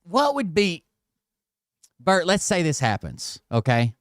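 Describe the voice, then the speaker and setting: A man's voice: on the high side, huge pitch swings, slow pace, no room sound, clean studio sound. A man hosting a reaction commentary, talking casually and mocking the clips he plays with sarcasm and swearing. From Tennessee. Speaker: commentary channel host.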